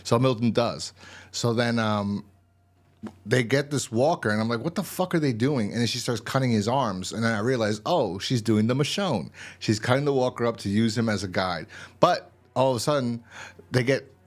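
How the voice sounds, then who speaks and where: A man's voice: mid-range voice, moderate pace. A man giving a casual, rambling and profane review of a TV episode. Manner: rambling, profane, full of fillers and restarts.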